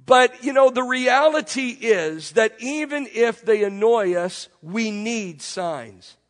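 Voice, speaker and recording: A man's voice: very high voice, lively intonation, unhurried. A man preaching a sermon with a congested voice, asking the congregation rhetorical questions and building repeated phrases. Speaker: pastor. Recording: long reverb from a large room.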